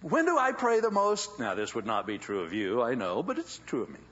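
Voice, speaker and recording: A man preaching a sermon as a dramatic, animated storyteller with folksy asides, in a dull lo-fi recording. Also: medium pitch, brisk, slight background noise.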